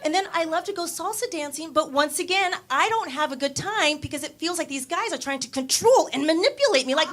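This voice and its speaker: A young woman with a slightly high voice performs stand-up into a handheld mic on a comedy club stage. She delivers her punchlines deadpan and slips into voices for the people in her stories. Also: moderate pace, hardly any pauses.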